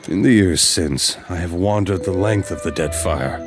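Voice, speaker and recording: A man's voice: sits low, normal speed, over music, lightly acted. A man voicing a weary, ragged former knight who speaks hesitantly about his past. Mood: wistful. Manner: hesitant, subdued.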